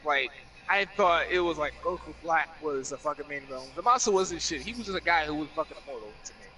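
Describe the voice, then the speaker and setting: A man's voice: fairly high pitch, expressive, fast talker. A man co-hosting a podcast in casual chat, arguing heatedly, swearing often and restarting his sentences. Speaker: podcast co-host.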